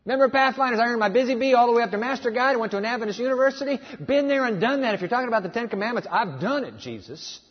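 A man's voice: fairly high pitch, huge pitch swings, fairly quick, slightly rough, voice pushed down, exaggerated voice. A preacher voicing an eager, breathless rich young man who pleads with a teacher, in an echoey hall on a dull lo-fi recording. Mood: indignant.

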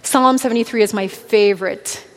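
A woman's voice: mid-range voice, moderate pace. A woman in her thirties giving an earnest, heartfelt testimony sermon to a church. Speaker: speaker at a church. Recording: long hall reverb.

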